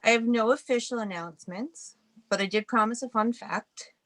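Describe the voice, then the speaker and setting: A woman speaking on a town meeting video call, her voice a bit high. She shares a fun fact with a playful tone. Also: normal speed, fairly bright tone. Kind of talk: casual remarks at a meeting.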